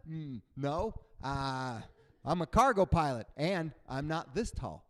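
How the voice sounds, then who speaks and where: This is a young adult man performing stand-up comedy. His voice sits high, and his pitch roams over a wide range as he tells his stories. He is animated and slips into loud, high voices for the people he quotes. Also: normal speed. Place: comedy stage before a live audience.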